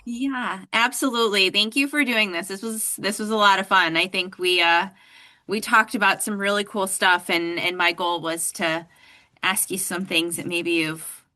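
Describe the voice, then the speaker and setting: A woman with a bright, crisp-edged voice hosts a podcast from a small home basement studio. She chats in an upbeat, easy way with her guest. Her voice comes through a video call. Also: mid-range voice, fairly even intonation, normal speed, no echo. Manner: chatty and upbeat. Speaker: podcast host. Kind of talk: casual interview chat.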